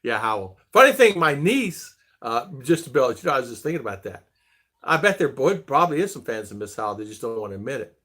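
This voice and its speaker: A man's voice: medium pitch, big pitch swings, quick pace, pushed and bright. A middle-aged man hosting a casual livestream chat, greeting viewers by name in a chatty way. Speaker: livestream host.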